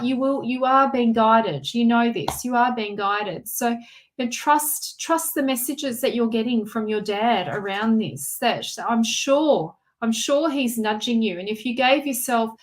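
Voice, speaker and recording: A woman with a somewhat high voice reads tarot cards live for her viewers. She is middle-aged and talks in a reassuring way, repeating phrases as she goes. Her sentences often break off and restart. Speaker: tarot reader.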